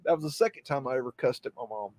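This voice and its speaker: A middle-aged man hosting a live stream, telling a personal story in a halting, earnest way. He restarts and repeats words as he goes, and points things out on a map. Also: medium pitch, darkish tone. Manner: tells the story while pointing at a map on screen. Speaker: host.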